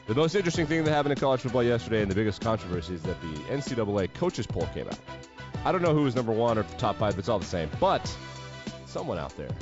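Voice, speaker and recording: A man's voice: on the low side, darkish tone, lo-fi sound. A man hosting a solo sports podcast, talking casually with sarcastic, wry asides. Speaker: podcast host.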